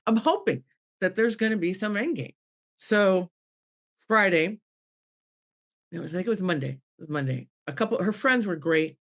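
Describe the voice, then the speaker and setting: A woman's voice: expressive, moderate pace, long pauses. Earnest middle-aged woman telling a story. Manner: earnest, acts out dialogue with rising pitch, drops low and soft when moved. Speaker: guest medium on a panel. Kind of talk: emotional personal storytelling.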